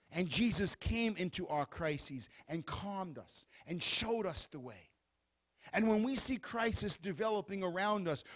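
A high-pitched male preacher delivering a sermon. He reads scripture in a steady, measured cadence, then drops to a hushed, soothing voice or rises to loud, fervent calls.

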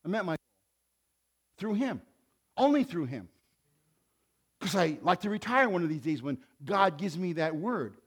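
A man in his late sixties preaches a sermon. His voice sits high and bright. He swings between emphatic declarations and soft, chatty asides to the congregation. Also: sing-song, normal speed, pauses often, breathy edge. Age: 60s. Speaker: pastor.

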